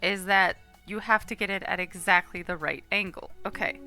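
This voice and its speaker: A woman's voice: medium pitch, steady tone, moderate pace, bright, forceful tone, faint music behind. A woman streamer chatting casually and reading game text aloud while playing, laughing often.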